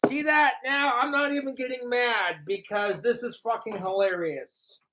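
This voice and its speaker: A man's voice: extremely high pitch, steady tone, a little slow, background noise. A man streaming from home, ranting in a profane, mocking, rambling way. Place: home apartment.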